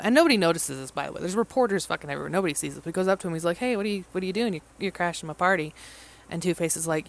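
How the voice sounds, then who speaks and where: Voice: mid-range voice, vocal fry, a bit bright. A movie vlogger giving a casual, rambling and profane recap of a film, mimicking the characters in mock voices.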